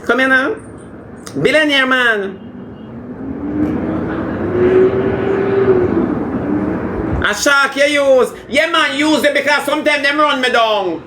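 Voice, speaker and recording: A man playing a brash, demanding Jamaican woman in a comedy skit, talking in loud patois banter that moves between scolding and wheedling. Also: very high-pitched, normal speed, background noise. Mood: flirtatious.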